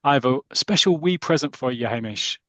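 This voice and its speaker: A man's voice: mid-range voice, expressive, a little fast, no echo, lo-fi sound, natural voice. A man voicing a jolly older Scottish man dressed as Father Christmas, speaking with a Scottish accent. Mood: cheery.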